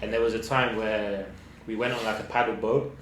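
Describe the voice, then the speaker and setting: A young man speaks as a podcast guest, open and reflective, with hesitant fillers and slang. His voice sits fairly low. The room is echoey, with faint noise underneath. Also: steady tone, fairly quick, fairly bright tone. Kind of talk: casual chat. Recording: roomy echo, faint background noise.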